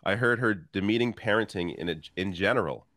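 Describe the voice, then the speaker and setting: A man's voice: lowish voice, brisk, fairly bright tone, no room sound, clean studio sound. A man on a political panel, reading out a tweet and commenting with amused laughter.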